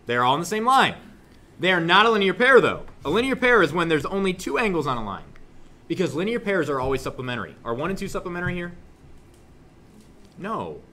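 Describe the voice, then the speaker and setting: A young man teaching a math class, joking with students and suddenly yelling for effect, recorded in a classroom. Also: sits high, a little fast. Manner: joking, animated, shouts suddenly. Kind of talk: classroom lesson.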